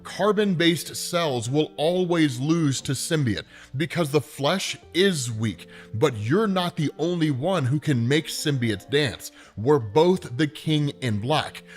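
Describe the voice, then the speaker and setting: A man's voice: on the high side, lively intonation, slightly rough, soft background music. A man reading a gloating symbiote god-king. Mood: gloating taunt. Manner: slow, measured taunting. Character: gloating godlike male symbiote villain, vast and cold.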